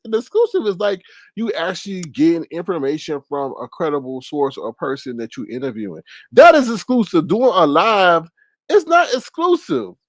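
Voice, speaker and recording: A man hosting a casual live-stream commentary, animated and laughing, with exaggerated high-pitched repeats of words. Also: no echo. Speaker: commentary channel host.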